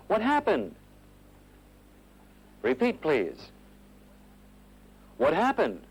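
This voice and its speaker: A man narrating a scripted English lesson from a 1970s course film, modelling phrases slowly and clearly for learners to repeat. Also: medium pitch, very animated, low-quality recording.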